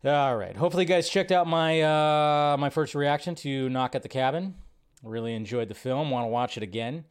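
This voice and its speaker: Guy doing a live movie news stream from his computer, kinda high voice, rambly and chatty, lots of uhs. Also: normal speed, clear, resonant tone. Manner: chatty, rambling, thinking aloud with fillers. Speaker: host. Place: home setup at a computer.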